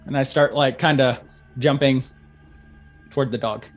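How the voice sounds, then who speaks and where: A man's voice: medium pitch, steady tone, normal speed, lo-fi sound, faint music behind. A man role-playing his character in a tabletop game, speaking formally and getting flustered. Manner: formal, polite, easily flustered. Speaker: player.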